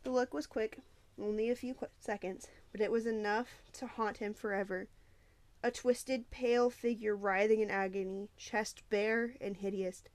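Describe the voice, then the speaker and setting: A woman narrating a novel aloud with steady storytelling and occasional small slips. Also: medium pitch, normal speed, no room sound. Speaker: audiobook narrator.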